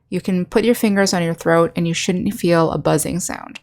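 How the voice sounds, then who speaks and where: A woman with an American accent leads an English lesson, her voice sitting a little low. She speaks clearly and patiently, slowing down to demonstrate each sound. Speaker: English teacher. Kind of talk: scripted online lesson narration.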